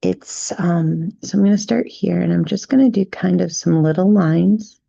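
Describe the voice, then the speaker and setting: A woman teaching a step-by-step drawing tutorial, gently talking through each stroke and checking in with "right?" as she goes. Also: on the low side, normal speed, vocal fry, breathy edge, no room sound, lo-fi sound. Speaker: drawing instructor.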